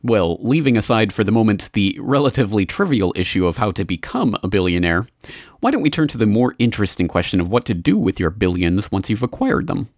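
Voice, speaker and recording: A man's voice: on the low side, very animated, a little fast, darkish tone, no room sound, studio quality. A man reading scripted documentary narration in a sardonic, mocking tone.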